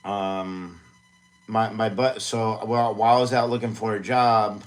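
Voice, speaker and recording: A man's voice: lowish voice, steady tone, a little slow. A man in his forties, a music producer chatting casually on a live stream from his home studio, rambling and self-deprecating with plenty of fillers. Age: 40s. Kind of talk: casual livestream chat.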